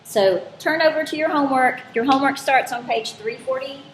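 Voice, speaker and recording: A woman's voice: sits high, a little fast. Chatty woman teaching a math lesson. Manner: chatty, informal, self-correcting. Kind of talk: recorded classroom lesson. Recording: roomy with faint background noise.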